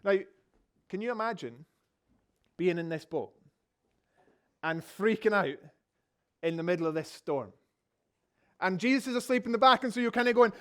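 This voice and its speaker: A man's voice: high voice, expressive, moderate pace, long pauses, fairly bright tone. A middle-aged Scottish man preaching a sermon, telling the story vividly and asking rhetorical questions. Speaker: pastor.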